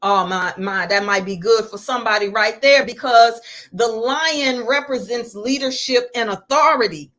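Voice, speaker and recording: A woman's voice: on the high side, moderate pace, a bit bright. Preacherly woman giving a spiritual teaching. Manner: preacherly, rhetorical questions. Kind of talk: live-streamed spiritual teaching.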